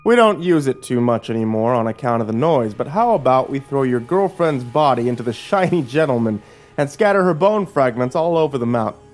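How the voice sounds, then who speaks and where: A man's voice: mid-range voice, expressive, a little fast, a little mellow, pitched above the performer's own voice, lightly acted. A man voicing a menacing, smug older sheriff who taunts with a sneering drawl. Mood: taunting.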